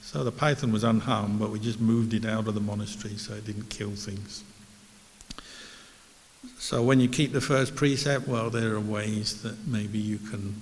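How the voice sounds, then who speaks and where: Low, even-toned monk telling a story. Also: male voice, moderate pace. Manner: easygoing, anecdotal, gentle humor. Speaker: Buddhist monk teacher. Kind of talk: relaxed dharma talk storytelling. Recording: hall reverb with faint hiss.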